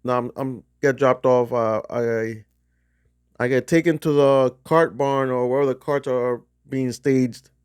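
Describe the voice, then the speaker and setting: A man's voice: medium pitch, steady tone, slow pace, clear, resonant tone, no room sound, clean studio sound. A middle-aged man from New Jersey casually telling a rambling, profane golf trip story. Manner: rambling, profane, restarts often. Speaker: golf vlogger.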